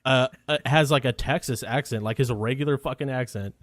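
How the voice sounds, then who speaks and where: Rambling, profane co-host, dry sound. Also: male voice, medium pitch, a little fast, no room sound. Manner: rambling, profane, many restarts. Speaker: podcast co-host. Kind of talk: casual movie chat.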